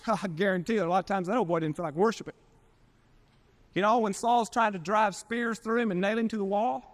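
A male pastor preaching a sermon, emphatic, with drawn-out words, loud swells and folksy asides. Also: very high-pitched. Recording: archival 1992 sermon recording.

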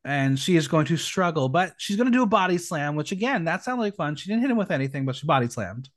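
A man's voice: fairly high pitch, quick pace, no echo. Upbeat man hosting a recap, dry sound. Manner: lively, playful storytelling with dry asides. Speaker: podcast host. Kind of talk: casual recap chat.

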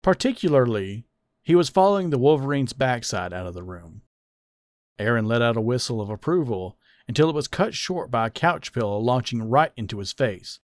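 A man narrating a scripted story in an even, steady reading voice. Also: mid-range voice, normal speed, no echo, clean studio sound.

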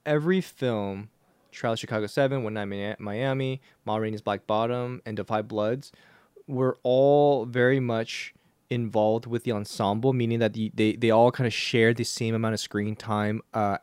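A man's voice: lowish voice, fairly even intonation, normal speed, a little mellow, clear, resonant tone, dry recording, studio quality. Joking male podcast co-host. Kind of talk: casual film podcast chat.

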